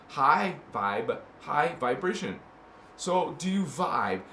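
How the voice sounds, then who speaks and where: A man hosting a casual spiritual talk to camera, playful and slangy, swinging between loud bursts and hushed murmurs and chanting made-up syllables. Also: high voice. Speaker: spiritual channel host. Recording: echoey room with faint ambient noise.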